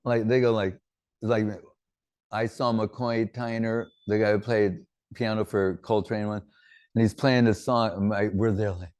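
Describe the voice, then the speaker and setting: A man's voice: on the low side, flat delivery, measured pace, a little mellow, no echo, studio quality. A man giving an informal religious talk, drifting from teaching into rambling personal anecdotes.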